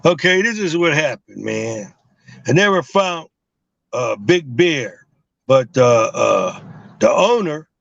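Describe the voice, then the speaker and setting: A man's voice: fairly high pitch, no room sound. Man, rambling street tales. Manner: rambling with many fillers and restarts. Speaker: guest. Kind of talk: casual storytelling interview. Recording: dull lo-fi live stream audio.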